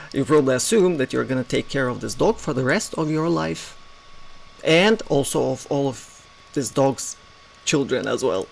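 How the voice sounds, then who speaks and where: Gravelly-voiced man teaching spiritual ideas. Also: mid-range voice, low-quality recording. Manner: rhetorical questions, soft asides, chuckles. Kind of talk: reflective monologue talk.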